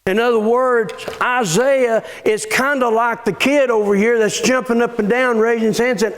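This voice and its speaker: A man's voice: very high-pitched, steady tone, moderate pace, hardly any pauses. A male pastor preaching a sermon in church, reading scripture aloud and often restarting and repeating words.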